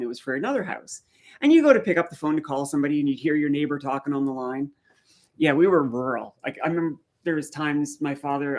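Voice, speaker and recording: A man from rural eastern Canada hosting a live stream in casual chat, telling stories and answering viewer comments. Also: a little high. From rural east coast of Canada.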